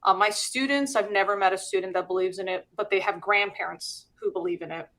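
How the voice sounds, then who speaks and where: A middle-aged woman talks in a relaxed, chatty way as the host of a live stream. Her voice sits at a middle pitch, and she breaks into small laughs as she walks through her explanations. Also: fairly quick. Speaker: host and teacher. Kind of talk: casual live-stream chat.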